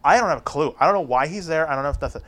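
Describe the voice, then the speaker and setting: A man's voice: on the high side, animated, very fast, crowd noise. Profane, rambling male storyteller. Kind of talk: casual storytelling chat.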